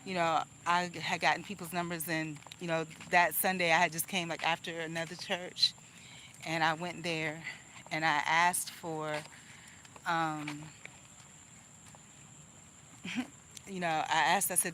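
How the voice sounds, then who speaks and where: A woman's voice: fairly low pitch, steady tone, slow pace, long pauses, bright, forceful tone, slight background noise, low-quality recording. A woman venting angrily in a casual vlog monologue, rambling with restarts and laughs. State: angry. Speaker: vlogger.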